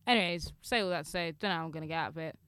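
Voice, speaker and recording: A woman's voice: low-pitched, very fast, fairly bright tone, clear, resonant tone, no room sound. A woman co-hosting a casual podcast, talking candidly and rambling a little. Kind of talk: casual chat.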